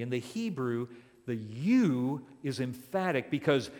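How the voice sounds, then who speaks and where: A man preaching a sermon as a pastor, speaking deliberately and building to emphatic declarations. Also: mid-range voice, big pitch swings, a little mellow, big-room sound. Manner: slow and deliberate, rising to emphatic.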